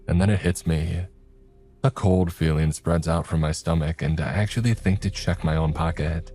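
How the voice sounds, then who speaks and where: A man narrating a first-person horror story in a tense, gruff manner. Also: rumbling low, steady tone, moderate pace, slight background noise. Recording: soft music underneath.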